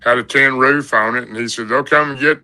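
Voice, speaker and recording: Folksy man, very bright voice. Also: medium pitch, steady tone, a little fast, poor audio. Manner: rambling, folksy, lots of "and, uh". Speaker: podcast guest telling an encounter story. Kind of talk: casual storytelling.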